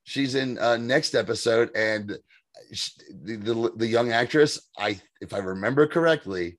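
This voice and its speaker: A man's voice: medium pitch, moderate pace, a bit bright, dry recording. A man co-hosting a podcast, recapping in casual chat, rambling, swearing freely and laughing often. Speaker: podcast co-host.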